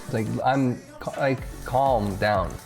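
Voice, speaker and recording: A man's voice: medium pitch, takes it slowly. A man streaming a game from home, casually chatting, joking and reading chat messages aloud. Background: game music.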